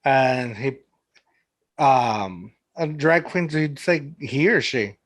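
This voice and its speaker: Taking his time, this San Antonio, Texas podcast host speaks in a mid-range voice. His casual storytelling is loose, peppered with "like," and broken up by frequent laughter.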